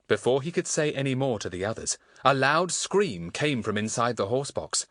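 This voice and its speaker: A man narrating a children's audiobook in a measured, storytelling manner. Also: mid-range voice, no room sound, studio quality. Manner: measured storytelling with lively intonation. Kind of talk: scripted narration of a children's book.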